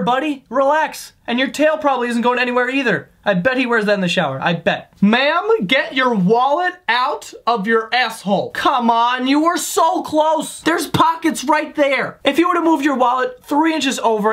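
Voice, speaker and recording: A man's voice: high-pitched, fairly bright tone. A young man giving a sarcastic, profane, incredulous comedic rant over video clips. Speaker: comedy commentator. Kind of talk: ranting comedic commentary.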